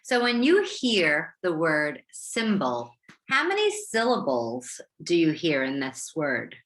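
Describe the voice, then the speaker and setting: A woman teacher with an American accent giving a slow, encouraging phonics lesson to young students, stretching out sounds and syllables. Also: deep voice, huge pitch swings, a bit bright. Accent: American English. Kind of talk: slow, clear classroom instruction for young learners.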